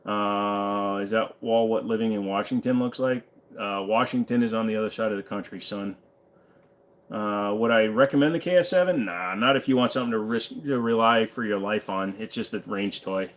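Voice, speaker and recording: Tired, laid-back man with a lowish voice. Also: normal speed. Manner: laid-back, chatty, reads comments aloud and answers them. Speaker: livestream host. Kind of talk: casual livestream chat reading viewer comments.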